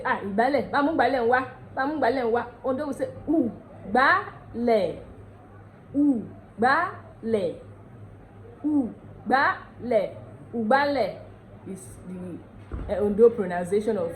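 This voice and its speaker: A woman with a Nigerian accent teaching a casual language lesson, repeating words slowly and often checking that viewers follow. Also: a little high, a little mellow, a little hiss or hum, rough recording.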